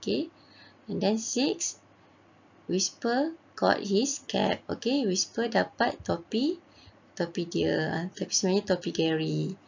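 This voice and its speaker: A Malaysian woman teaching a primary school English lesson, slowly reading a story and translating each line, in a patient way. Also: mid-range voice, gravelly, husky, lo-fi sound. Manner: slow, patient, translates each line and reads quotes brightly.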